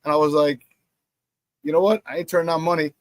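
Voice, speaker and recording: A man's voice: a little high, fast talker, no echo. A man hosting a casual sports talk show, plugging merchandise and telling stories while acting out the quotes. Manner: animated storyteller, acts out quotes.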